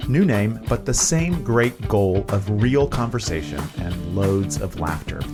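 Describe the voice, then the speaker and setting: A man's voice: on the low side, expressive, measured pace, over music. A man from the United States, co-hosting a podcast and interviewing a guest in an upbeat, playful way. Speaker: podcast co-host. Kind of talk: scripted podcast intro and interview.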